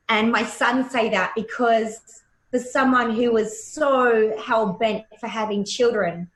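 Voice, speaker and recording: A woman's voice: on the high side, fairly bright tone. A woman in her forties, a hypnotherapist guest, telling a personal story in a blunt, emotional way and swearing freely. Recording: roomy echo.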